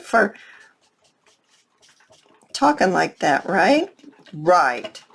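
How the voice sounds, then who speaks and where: A woman who hosts a crafting channel leads a casual tutorial, chatting to viewers as she works and teasing herself along the way. Her medium-pitched voice is expressive and slow.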